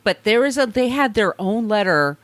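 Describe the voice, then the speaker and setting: A woman co-hosting a casual podcast, chatting and reading a statement aloud, with profane asides and quick apologies. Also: mid-range voice, animated, dry recording. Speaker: podcast co-host.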